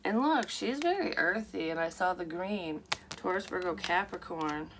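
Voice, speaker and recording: A woman's voice: on the low side, lively intonation, moderate pace, noisy background. A woman giving a casual, rambling psychic card reading to her viewers. She talks frankly and swears freely. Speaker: psychic tarot reader. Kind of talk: casual tarot reading to camera.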